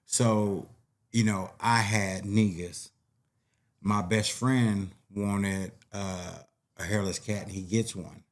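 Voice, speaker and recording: A man's voice: on the low side, fairly even intonation, slow pace. A man chatting as a podcast guest, laid-back and laughing often, swearing and acting out other people's voices in his stories. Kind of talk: casual storytelling chat.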